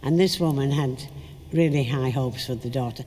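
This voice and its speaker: An older actress telling lively stories about her career in an interview, acting out what people said. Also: very deep voice, normal speed, in a large hall, a little hiss or hum. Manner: chatty anecdotal, acts out quotes. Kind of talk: storytelling interview.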